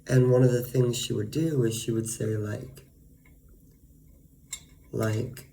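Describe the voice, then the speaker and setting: A man's voice: mid-range voice, slow, gravelly, pauses often, dark tone, slight background noise. A man venting in a casual monologue, profane and ranting, full of fillers. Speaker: vlogger.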